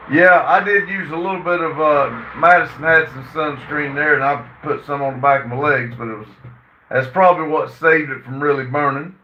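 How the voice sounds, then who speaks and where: A man's voice: a little high, a little hiss or hum. A man hosting a casual livestream, reading viewer comments aloud and answering them with many "uh" fillers. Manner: reads chat messages aloud and answers them; halting, frequent "uh" fillers. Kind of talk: casual chat. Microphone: phone. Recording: roomy, distant and dull phone audio.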